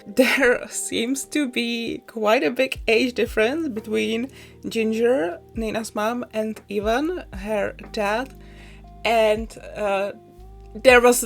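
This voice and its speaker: A young woman chatting through a voice-over, a little out of breath and quick to laugh as she rambles through a story. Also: on the high side. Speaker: YouTuber. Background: soft background music.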